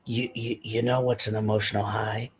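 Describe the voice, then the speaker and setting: A man doing a put-on gruff, deadpan persona voice as a comedic bit on a live podcast. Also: fairly low pitch, moderate pace, very noisy, close to an everyday voice.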